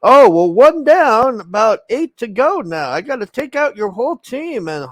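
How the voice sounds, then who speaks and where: A man's voice: very high voice, very animated, normal speed, no echo, pitched above the performer's own voice. A man voicing a gleeful villain who taunts and laughs about the destruction he causes. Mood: gloating. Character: gleeful cackling adult male villain.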